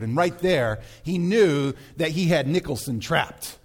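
High, lively male pastor preaching. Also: slow pace, hardly any pauses. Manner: animated storytelling, acting out film scenes. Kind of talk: sermon.

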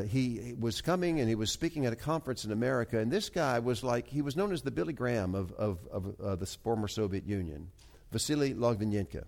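A man preaching a sermon as a pastor, telling a story earnestly with many halting restarts and swings from soft asides to emphatic climbs. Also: mid-range voice, vocal fry.

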